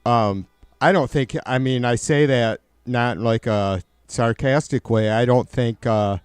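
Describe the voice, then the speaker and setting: A man's voice: mid-range voice, a little slow, clean tone, no echo, studio quality. A man live-streaming casual political commentary, swearing a lot and rambling with many restarts as he answers his chat. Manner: profane, rambling with frequent restarts.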